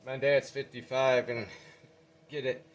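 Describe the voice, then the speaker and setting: A man's voice: medium pitch, little pitch movement, measured pace, slight background noise. A man filming a casual vlog update, out of breath and talking in a folksy, rambling way. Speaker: vlogger.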